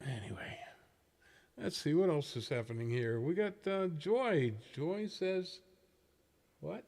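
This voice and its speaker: A man's voice: fairly high pitch, lively intonation, measured pace, darkish tone, in a large hall. Chuckly man hosting a radio net stream. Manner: chuckling, rambling, self-deprecating. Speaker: net host and livestreamer. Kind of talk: casual livestream chat.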